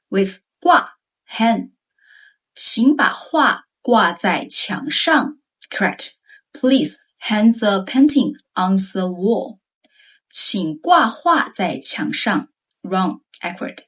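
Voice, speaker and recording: Slow, husky woman teaching Chinese. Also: mid-range voice. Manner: slow, careful example sentences. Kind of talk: scripted language lesson.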